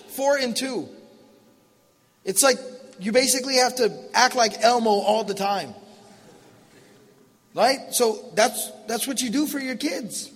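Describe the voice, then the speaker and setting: A man in his thirties gives a sermon in a high voice for a man, telling stories casually with slangy asides. A long hall reverb trails behind each phrase. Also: unhurried, long pauses, a bit bright, slightly rough. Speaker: preacher.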